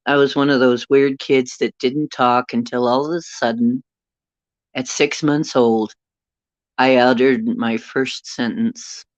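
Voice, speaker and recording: Middle-aged lady rambling through a story, pretty low voice, dry kinda dull mic. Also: dry recording. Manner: rambling, chatty, greets viewers mid-story. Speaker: paranormal livestream host. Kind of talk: casual storytelling to live chat.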